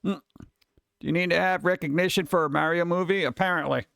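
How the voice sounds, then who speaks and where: A man's voice: high voice, fairly even intonation, fast, creaky, fairly bright tone, no echo, studio quality. A man streaming live, chatting casually and rambling while answering his viewers. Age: adult.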